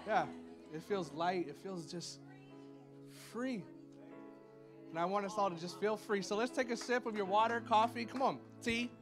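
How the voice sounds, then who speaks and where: High-voiced chatty man preaching. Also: steady tone, normal speed, pauses often, music in the background. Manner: chatty and playful, lots of "y'all" and "like", with high playful sound effects. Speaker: pastor. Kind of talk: casual sermon. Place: church sanctuary with a congregation.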